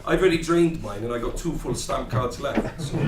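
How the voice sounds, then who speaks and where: A man's voice: on the high side, very noisy. An actor with a Welsh accent performing a stage monologue as a brash, foul-mouthed young Welshman with wry, swearing asides, recorded from a distance in a room. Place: rehearsal room. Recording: roomy, distant mic.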